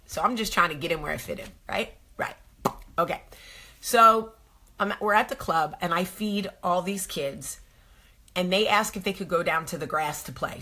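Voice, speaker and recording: A woman host telling a story in a casual, animated way, acting out the voices and swearing freely. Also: mid-range voice, slightly rough.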